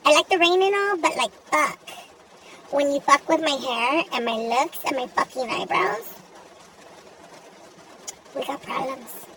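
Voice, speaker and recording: A young woman voicing a sassy, foul-mouthed young woman in an animated gacha video, ranting in an exasperated, profane way. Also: sits high, normal speed, distant mic, background noise. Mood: irritated. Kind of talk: comedic rant monologue.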